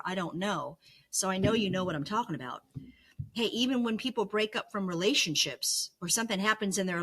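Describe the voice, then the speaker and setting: Speaking candidly from her bedroom, a middle-aged vlogger shares the story of her illness recovery in a medium-pitched, slightly bright voice. She's earnest and confessional, now and then poking fun at herself.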